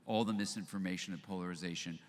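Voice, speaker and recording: Fast-talking and low-voiced, an older man addresses an audience in an event hall, telling an anecdote and performing both sides of the conversation with animation. Long reverb fills the live recording, along with faint noise.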